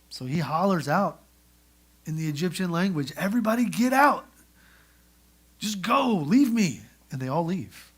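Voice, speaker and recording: Husky-voiced pastor telling a lively sermon. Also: male voice, a little high. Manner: lively storytelling, acting out the characters. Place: church sanctuary.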